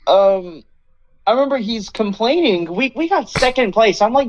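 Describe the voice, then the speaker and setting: A man's voice: sits high, normal speed, lo-fi sound. Young man ranting and swearing. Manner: animated swearing rant, acts out quotes. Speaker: podcast host. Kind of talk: casual chat.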